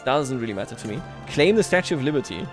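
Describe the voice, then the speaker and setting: A man's voice: medium pitch, expressive, fast. Guy streaming a strategy game, chatty and joking at himself, voice jumps around a lot, faint music under it. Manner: chatty, self-mocking, chuckles often. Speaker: livestreamer. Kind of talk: casual gameplay commentary.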